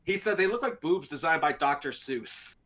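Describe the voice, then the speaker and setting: A man's voice: on the high side, expressive, moderate pace, fairly bright tone. A young man on a podcast, telling a long story in a rambling way, with lots of fillers and laughs. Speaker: podcast co-host. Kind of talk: casual storytelling chat.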